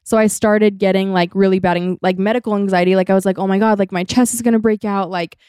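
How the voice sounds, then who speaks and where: Young woman on a podcast rambling a story, lots of "like", smooth voice. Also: mid-range voice, steady tone, fast talker, darkish tone, no echo, studio quality. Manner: chatty, many "like" fillers. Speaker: podcast co-host. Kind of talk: casual storytelling chat.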